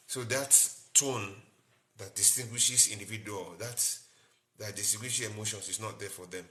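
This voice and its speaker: A man's voice: fairly low pitch, moderate pace, bright, forceful tone. A man, a doctor hosting a live-stream health talk, explaining in short repeated phrases and greeting viewers by name.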